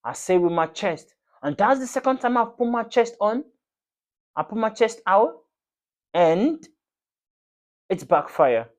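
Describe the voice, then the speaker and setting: A man's voice: high-pitched, big pitch swings, a little slow, long pauses. A man hosting his football fan channel, delivering a passionate, repetitive reaction rant to the camera in slangy everyday speech.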